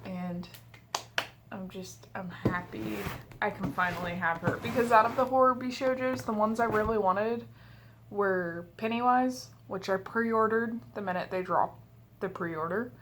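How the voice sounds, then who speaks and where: A woman's voice: mid-range voice, a little slow, background noise. A young woman chatting casually while unboxing a collectible figure at home, joking and wandering into rambling asides. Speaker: vlogger.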